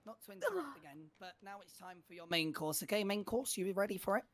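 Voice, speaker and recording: A speaker playing a brisk, exasperated waiter in casual role-play banter. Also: mid-range voice, animated. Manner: brisk, exasperated service talk.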